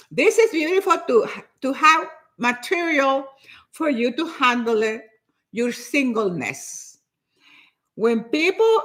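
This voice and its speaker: Lively, animated older woman preaching motivation. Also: sits high. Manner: animated and preachy, repeats herself for emphasis; acts out other people's nagging voices. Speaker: motivational speaker. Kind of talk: motivational talk.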